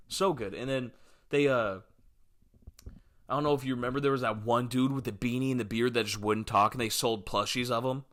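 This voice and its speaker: A man's voice: medium pitch, fairly quick, a bit bright. Rambling, jokey young man. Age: 20s. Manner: rambling, jokey, swears freely, drifts between topics. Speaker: podcast host. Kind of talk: casual solo podcast chat.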